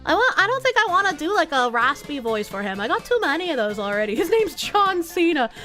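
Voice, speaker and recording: A woman streamer commentating casually on a game, reacting quickly and swearing freely. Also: high voice, sing-song, bright, forceful tone, soft background music.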